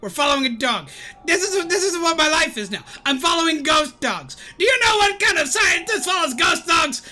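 A woman voicing a grumpy middle-aged male cartoon mad scientist, shouting and ranting over gameplay. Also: very high voice, sing-song, moderate pace, exaggerated voice. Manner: shouty, ranting, self-pitying. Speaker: gaming streamer. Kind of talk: gameplay commentary in character.

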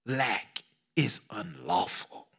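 A middle-aged man preaching a sermon, swinging between loud exclamations and hushed whispers, repeating phrases and calling out questions to the congregation. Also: on the low side, big pitch swings, drawn-out words, vocal fry, husky. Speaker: pastor.

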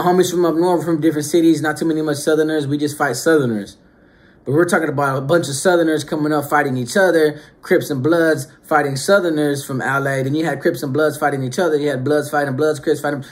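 Slangy man, higher voice. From Northern California. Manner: street slang, swinging between hushed asides and raised bursts. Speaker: storyteller recounting his youth. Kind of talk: casual storytelling to camera.

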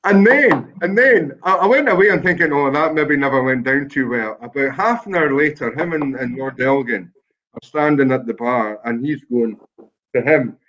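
A man, a guest telling a lively, self-deprecating anecdote in a casual way. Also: medium pitch, normal speed, highs cut off. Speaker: guest storyteller.

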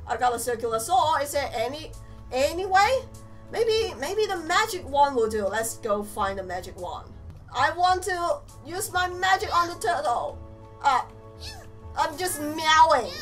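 A young woman giving animated let's play commentary, exclaiming and teasing the game characters as she plays. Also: high voice, unhurried, faint music behind. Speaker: gamer.

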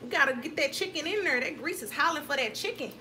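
A woman's voice: high-pitched, expressive, fast talker, pushed and bright. A woman hosting a cooking vlog, chatting playfully and speaking straight to her viewers as she cooks in a home kitchen. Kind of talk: casual chat while cooking. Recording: noisy home recording.

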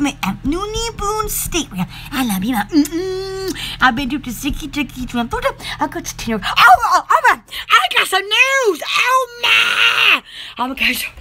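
Against a noisy background, a woman with a very high voice chats to the camera as a vlogger. Her talk is rambling and theatrical, and she often breaks into laughter.

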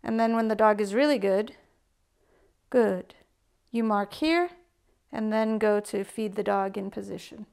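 A woman dog trainer talking through a training demo with a calm, gentle manner and soft cues to her dog. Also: mid-range voice, unhurried, vocal fry, long pauses, smooth.

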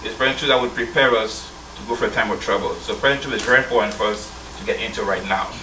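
Recorded from a distance in a roomy space with a little hiss or hum, a man with a lowish voice preaches quickly in a bright, forceful tone. He is a church elder reading scripture aloud, calling his listeners brethren and drawing call-and-response answers from them.

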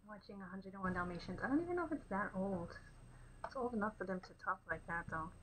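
A young woman talks casually as she paints, hosting her own art channel. She keeps her voice soft and often trails into a near whisper. A faint hiss of noise sits under the recording. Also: mid-range voice, lively intonation, fast, poor audio. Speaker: artist and channel host. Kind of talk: casual commentary while painting.

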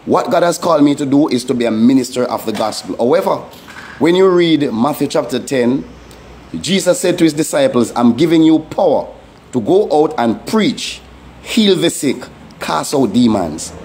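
A man's voice: on the high side, lively intonation, moderate pace, darkish tone, a little hiss or hum. A man, a pastor, giving a testimony sermon in an earnest, emphatic preaching manner with repeated warnings.

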